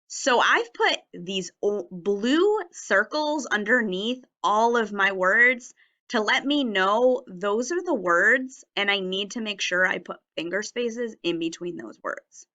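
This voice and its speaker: Woman, elementary teacher, very slow careful delivery, bright clear tone, children's lesson video. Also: medium pitch, animated, muffled recording. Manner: slow, clearly enunciated, modelling words for young children. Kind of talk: phonics and writing lesson video.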